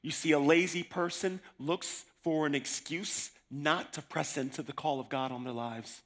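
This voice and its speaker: A man preaching a sermon, telling his testimony in a slangy, animated way that swings from hushed asides to shouting. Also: fairly high pitch, normal speed.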